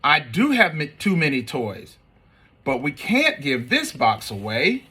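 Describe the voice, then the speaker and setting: A man's voice: on the high side, wildly swooping pitch, measured pace, sharp tone, husky, full character voice. A man voicing a dramatic little boy who pleads to keep his toys. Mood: pleading. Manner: pleading, melodramatic.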